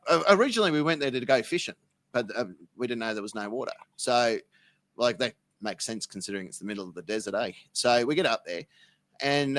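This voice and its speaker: A man with an Australian accent, a podcast guest who swears freely while telling deadpan tall tales in casual chat. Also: mid-range voice. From South Melbourne, Australia. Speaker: interview guest.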